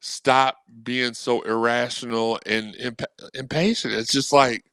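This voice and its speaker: A man on a podcast as a guest, talking sports in a rambling, animated way. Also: medium pitch, a little slow, smooth, no room sound. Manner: animated, rambling, quotes people in voices. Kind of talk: casual sports talk.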